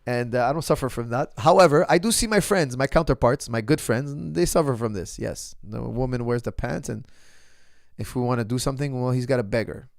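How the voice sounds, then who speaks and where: A man's voice: mid-range voice, creaky, dry recording, studio quality. A middle-aged man, a martial arts coach, talking casually and bluntly to his viewers, calling them "guys" and often restarting his sentences.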